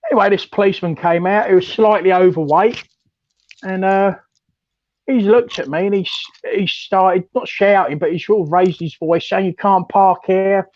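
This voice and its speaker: A man's voice: sits high, normal speed, a little mellow, no echo. London man telling a story over a muffled phone. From London, England. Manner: rambling, many ums, laughs at his own story. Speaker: caller on a live stream. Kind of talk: casual storytelling.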